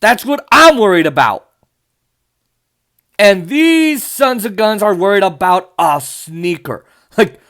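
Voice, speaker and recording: A man's voice: high voice, expressive, slow pace, long pauses, a bit bright. A young man hosting a podcast, ranting in an exasperated, sarcastic way and swearing often. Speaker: podcast host. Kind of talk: ranting political commentary.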